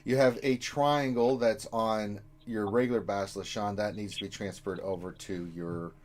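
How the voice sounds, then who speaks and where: A man's voice: lowish voice, fairly even intonation, normal speed, slight background noise. A man in his forties, co-hosting a casual gaming live stream and giving advice in a rambling way. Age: 40s. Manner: loud bursts of laughter, rambling.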